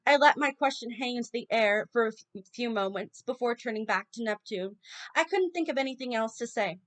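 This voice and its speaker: A woman's voice: a little high, animated, fairly quick. A woman casually reading a children's novel aloud, stumbling and correcting herself often. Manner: informal reading with frequent stumbles. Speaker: audiobook reader.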